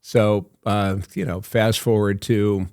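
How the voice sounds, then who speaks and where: A man's voice: fairly low pitch, fairly even intonation, takes it slowly, darkish tone, smooth, dry recording, studio quality. An older man, an actor guest on a podcast, telling long anecdotes full of fillers and laughs. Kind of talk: storytelling in a podcast interview.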